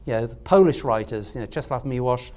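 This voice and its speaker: A man's voice: medium pitch, lively intonation, a little fast, dark tone. Hesitant man discussing poetry on a panel. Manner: hesitant, with many fillers and restarts. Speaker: literary scholar speaking on a panel. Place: lecture room at a university event.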